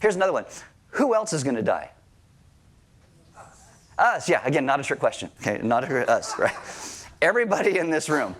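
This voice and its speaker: A married adult pastor preaches to his congregation at a church service in a conversational way, asking the crowd questions and joking lightly. His voice is fairly high and a bit bright, with big pitch swings, a slightly fast pace, and frequent pauses.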